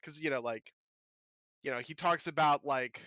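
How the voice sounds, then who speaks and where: A man co-hosting a casual podcast, talking in loose, rambling runs and laughing as he mimics reality TV. His voice sits a bit high and sounds bright and tense. The recording is dry and slightly dull. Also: normal speed, no echo. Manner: rambling, laughing, mock-quoting shows. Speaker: podcast co-host. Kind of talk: casual chat.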